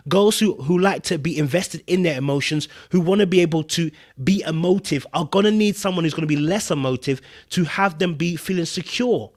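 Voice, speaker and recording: A man with a fairly high voice hosts a live podcast stream, talking briskly with few pauses as he reacts to a reality show clip. His casual commentary is emphatic and repetitive, and he speaks straight to viewers and the chat.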